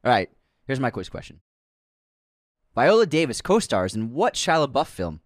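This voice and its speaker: A man's voice: medium pitch, very animated, normal speed, no room sound, studio quality. Laughing, jokey male podcast co-host. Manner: laughs often, jokey banter. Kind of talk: casual chat.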